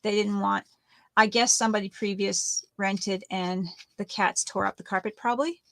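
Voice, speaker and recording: A woman's voice: medium pitch, fairly even intonation, normal speed, creaky, no room sound. Middle-aged woman, chatty co-host, rambling stories, dry close sound. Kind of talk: casual chat while crafting.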